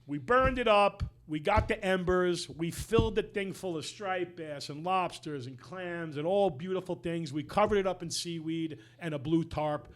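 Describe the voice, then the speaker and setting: New york guy on a chef podcast, high voice, tells stories all fired up, does everyone's lines loud. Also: normal speed, hardly any pauses. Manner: animated storyteller, acts out quotes loudly. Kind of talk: casual storytelling chat.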